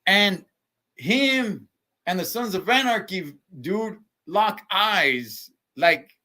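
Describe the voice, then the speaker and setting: A man co-hosting a live TV recap, talking casually, animated and laughing often, trailing off mid-sentence. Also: high voice, extremely slow. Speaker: show co-host.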